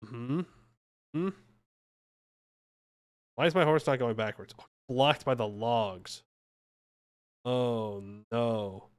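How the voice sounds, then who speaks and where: A man's voice: medium pitch, very slow, pauses often, clean tone. A man streaming a game live, chatting and joking with his viewers in a playful, mock-defensive way. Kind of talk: casual live-stream commentary while playing.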